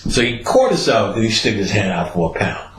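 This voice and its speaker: Animated man telling a street story. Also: on the low side, brisk. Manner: streetwise, profane and animated, laughing at his own story. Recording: roomy echo.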